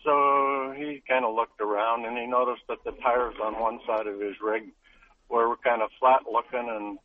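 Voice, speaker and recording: A man's voice: medium pitch, fairly even intonation, moderate pace. An older man calling a radio show, describing a car problem in a rambling, homespun way. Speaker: caller. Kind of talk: phone-in question. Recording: tinny phone line.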